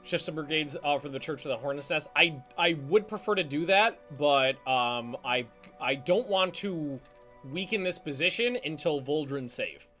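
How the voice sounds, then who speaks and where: A man giving live commentary on a strategy game, talking in halting restarts with casual swearing and barking quick orders to his units. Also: a little high, expressive, sharp tone, faint music behind. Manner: barks quick orders to units, voice jumps up when alarmed. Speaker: streamer.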